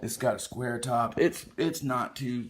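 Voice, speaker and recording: A man's voice: mid-range voice, unhurried, slight background noise. A man telling a rambling, profane comic recap in a laid-back way, with laughing asides. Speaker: storyteller.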